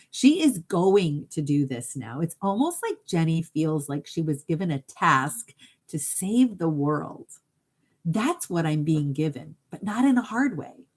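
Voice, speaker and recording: A woman's voice: lowish voice, darkish tone, husky. A woman hypnotherapist hosting a casual live talk, speaking earnestly and straight to her viewers, with easy laughs between thoughts. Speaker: hypnotherapist and livestream host.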